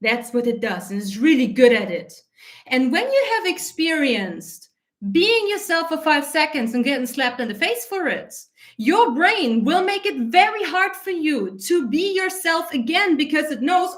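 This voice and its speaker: Woman coach with a high voice, blunt and sweary, animated, teary-eyed from an allergy. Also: normal speed. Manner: blunt, heavily profane, animated. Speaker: self-concept coach. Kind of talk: casual spoken monologue.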